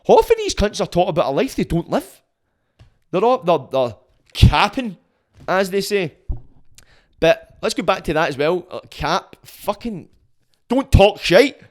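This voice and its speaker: A young Scottish man holds forth on his podcast in a casual, opinionated monologue. He is blunt and full of swearing, and his voice sits at a middling pitch for a man. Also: animated, moderate pace. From Scotland. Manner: blunt and sweary, heated rants. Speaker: podcast host.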